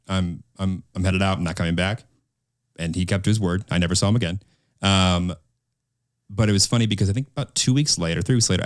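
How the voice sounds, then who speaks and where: A man co-hosting a podcast, telling a personal story in casual chat with an earnest, halting manner. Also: low-pitched, dry recording, clean studio sound. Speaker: podcast co-host.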